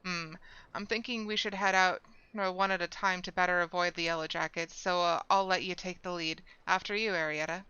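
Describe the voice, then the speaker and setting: A gruff, scheming male rogue with an old seadog's swagger, put on by a woman reading video game lines. He talks in thick slangy thieves' cant with a put-on accent. The voice is bright and crystal clear, close and dry, with slightly dull streamed sound. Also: on the low side, steady tone, a little fast, no room sound. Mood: sly. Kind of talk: reading game dialogue aloud.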